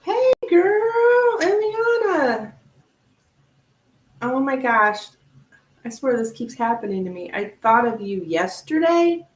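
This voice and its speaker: A woman hosting a live tarot reading stream, chatting casually with viewers in an animated, upbeat way. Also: a little high, unhurried. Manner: chatty, animated, laughs often, thanks viewers warmly. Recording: roomy echo.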